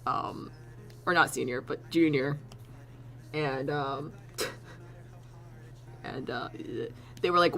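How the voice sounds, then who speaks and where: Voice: medium pitch, animated, takes it slowly, long pauses, bright, forceful tone, faint music behind. A streamer chatting casually to their chat, rambling with frequent laughs and casual swearing.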